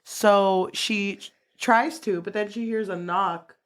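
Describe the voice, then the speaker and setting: Woman co-host, lively storyteller, blunt cursing, mid pitch. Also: slow. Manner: animated storyteller, blunt and profane. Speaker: podcast co-host. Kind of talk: casual book chat.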